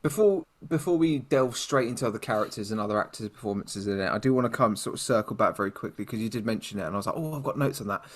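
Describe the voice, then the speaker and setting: A man's voice: lowish voice, fast talker, hardly any pauses. A man from the UK co-hosting a podcast in casual chat, rambling and self-mocking, often speaking to the listeners directly. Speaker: podcast co-host.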